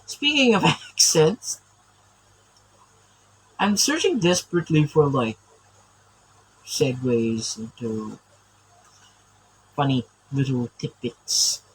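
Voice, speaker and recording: Man, casual drawing chat, stammering and rambling, unhurried delivery, mid pitch. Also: animated, slight background noise, low-quality recording. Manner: rambling, stammering, laughs often. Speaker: artist drawing on camera.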